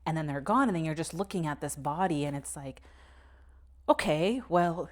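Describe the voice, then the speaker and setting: A young woman with a low, grounded voice talks on a casual podcast. She tells a personal story candidly, swears freely and laughs nervously now and then. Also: animated, moderate pace. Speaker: podcast co-host. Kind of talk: casual conversation.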